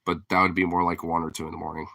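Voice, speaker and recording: Bright, rambling, profane casual man. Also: deep voice, little pitch movement, fast talker, gravelly, dry recording. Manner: rambling, profane, heavy on fillers; laughs often while talking. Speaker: streamer host. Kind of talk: casual chat.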